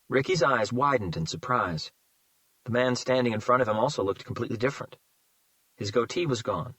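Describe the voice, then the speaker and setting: A man reading a crime thriller audiobook in a measured, tense narration. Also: mid-range voice, a bit bright, no echo, rough recording. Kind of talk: scripted narration.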